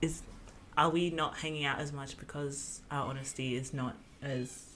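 A woman's voice: extremely low pitch, steady tone, moderate pace, fairly bright tone, slight background noise. A young woman co-hosting a podcast in casual chat, rambling with lots of fillers and giggles. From Australia. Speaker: podcast co-host.

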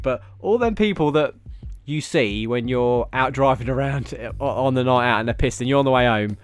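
A man, hosting his own podcast and rambling through stories, swearing constantly and getting animated. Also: medium pitch. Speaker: podcast host. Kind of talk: casual solo podcast chat.

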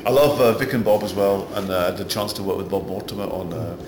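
A middle-aged Glaswegian man, an actor being interviewed, rambling through anecdotes that grow animated. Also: deep voice, quick pace, background noise. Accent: Glaswegian Scottish. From Scotland. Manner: rambling anecdotes, gets animated telling stories. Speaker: actor guest. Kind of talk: casual interview chat. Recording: roomy echo, music behind.

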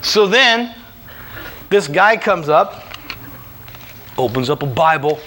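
A man giving a personal testimony in a church room, telling his story with animated storytelling and acting out his own past lines. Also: fairly high pitch, takes it slowly, a little hiss or hum.

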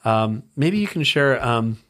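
A man's voice: medium pitch, animated, measured pace, fairly bright tone. A man hosting a casual interview, asking long, rambling questions full of fillers. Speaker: podcast host.

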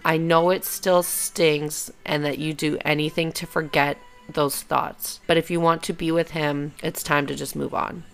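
A young woman with a deep, gravelly voice talks through her old journal on a solo podcast. She is candid and self-mocking, swears freely, and swings between soft murmurs and loud outbursts. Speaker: podcast host.

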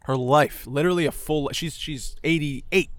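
A man's voice: fairly high pitch, normal speed, no room sound. A man telling a moving personal story in casual conversation, swearing often and filling his talk with "like" and "right". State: choked up.

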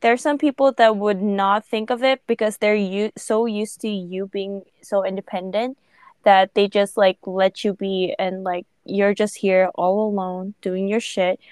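A woman's voice: mid-range voice, fairly even intonation, a little slow, a little mellow, clean tone, no room sound, studio quality. A woman in her twenties from the Philippines, co-hosting a podcast in casual, candid chat, swearing freely and laughing often. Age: 20s. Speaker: podcast co-host.

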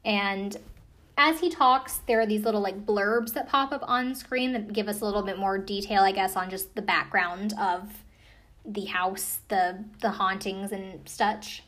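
A woman's voice: mid-range voice, fairly even intonation, unhurried, fairly bright tone. A young American woman giving a casual, skeptical recap with a sarcastic edge and lots of fillers. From United States. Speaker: commentator recapping a ghost-hunting show. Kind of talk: casual chat.

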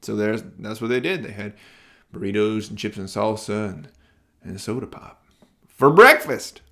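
A man telling a children's bedtime story as podcast host, in a relaxed, rambling way with fillers. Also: fairly low pitch, moderate pace.

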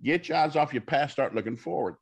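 On a talk show, a minister spins folksy, preacherly yarns, voicing the people he quotes. His voice sits on the high side, husky with vocal fry, brisk and full of lively intonation.

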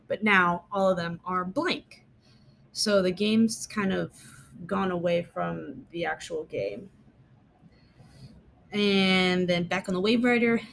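A woman's voice: medium pitch, slight background noise. A woman casually recapping a TV episode in a chatty, rambling way, full of fillers and emphatic asides. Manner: emphatic, mock-exasperated asides.

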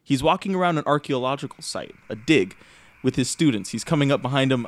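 A man's voice: medium pitch, animated, a little fast. A man narrating as dungeon master in a playful way, laughing often and slipping in and out of voices. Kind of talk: narrating a tabletop game.

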